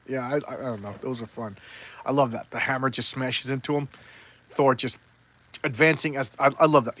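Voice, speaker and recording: A man's voice: mid-range voice, fairly bright tone, dry recording. A man reviewing old comic books in casual chat, talking eagerly and rambling with frequent restarts.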